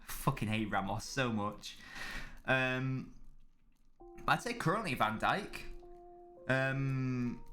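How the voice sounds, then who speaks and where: A man's voice: mid-range voice, expressive, slow pace, pauses often, pushed and bright, faint music behind. A man chatting casually as a live streamer during a football watchalong, rambling and swearing freely while answering chat.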